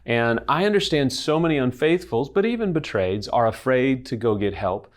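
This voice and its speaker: A man's voice: medium pitch, animated, moderate pace, few pauses. A middle-aged man hosting, speaking earnestly to camera and telling a personal story, quoting others in dialogue. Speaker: host. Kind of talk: direct-to-camera talk.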